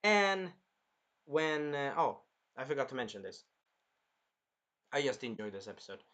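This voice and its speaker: A man hosting a casual anime review, rambling and animated, swearing freely as he recaps an episode. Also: mid-range voice, moderate pace. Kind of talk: casual chat.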